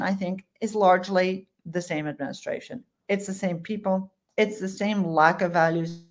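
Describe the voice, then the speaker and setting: Woman pundit, lowish voice, blunt and emphatic, plain-spoken interview guest. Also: gravelly. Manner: blunt and emphatic, with colloquial put-downs. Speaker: foreign policy commentator, guest. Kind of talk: conversational interview answers.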